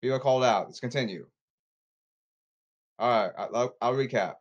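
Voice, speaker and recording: A man ranting on his own podcast, repeating himself and calling people out, swinging from apologetic mutters to shouts. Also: medium pitch, moderate pace, dull audio. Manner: repetitive, emphatic, calling people out. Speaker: podcast host. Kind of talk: rambling solo podcast rant.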